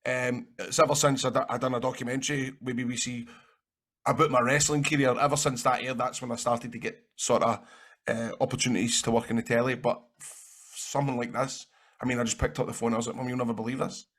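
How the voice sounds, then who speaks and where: Man, Scottish accent, mid-pitched voice, rambling anecdotes, animated, swears casually. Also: a little fast. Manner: animated, rambling, swears freely, acts out quotes. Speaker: interview guest, actor and wrestler.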